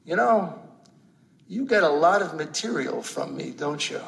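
A man voicing his demanding adult younger brother with flat, insistent, deadpan delivery, in a spoken story. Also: on the high side, measured pace, creaky, heavy background noise, full character voice. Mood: knowing.

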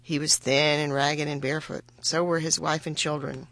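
A woman reading a children's fairy tale aloud in an expressive, animated way. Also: sits low, moderate pace, hardly any pauses, no room sound. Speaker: storyteller.

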